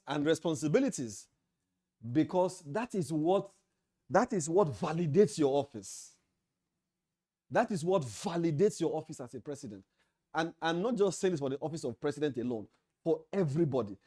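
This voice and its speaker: A man with a Nigerian English accent delivers a leadership training lecture to officials. His voice is mellow and warm, and he speaks emphatically. He hammers his points home by repeating key phrases. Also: on the high side. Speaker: leadership trainer at an association meeting. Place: meeting hall.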